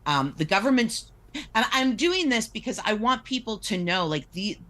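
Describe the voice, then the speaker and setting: A woman's voice: on the high side, big pitch swings, normal speed, fairly bright tone. A woman talking as a guest on a podcast, earnestly explaining figures and reading excerpts aloud with frequent restarts. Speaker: guest discussing poverty policy.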